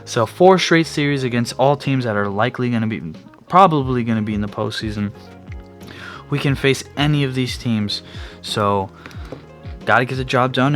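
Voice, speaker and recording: A man's voice: mid-range voice, a bit bright. A young man hosting his own sports podcast, talking casually in a rambling way, with frequent restarts and fillers. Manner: yawning at times. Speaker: podcast host. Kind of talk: casual solo sports talk. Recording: faint background music.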